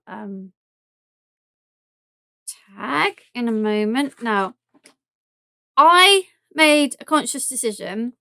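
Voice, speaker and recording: With a slightly high, sharp but clean voice, a woman with a southern English accent talks through a live craft demonstration. She thinks aloud as she works and cracks self-deprecating jokes about her mess. No echo is present.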